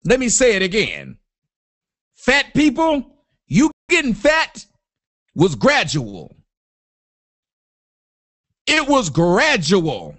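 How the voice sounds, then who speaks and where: Guy with a really high voice, super animated, cussing and joking as host, takes his time. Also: takes it slowly, pauses often. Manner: loud, profane, animated, breaks into sung chants. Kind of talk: comedic rant on an online talk show.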